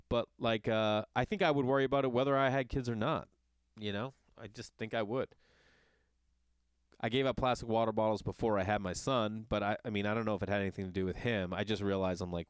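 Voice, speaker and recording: A middle-aged man ranting in a casual monologue, swearing often and jumping between loud outbursts and muttered asides. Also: on the low side, fast, clean tone, dry recording, clean studio sound. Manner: ranting, profane, animated. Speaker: podcast host. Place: Los Angeles.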